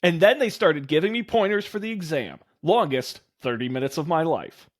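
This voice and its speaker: A man's voice: on the high side, animated, moderate pace. A man voicing a friendly, laid-back dad from a dating game, reading his lines in an earnest, easygoing way. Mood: nostalgic.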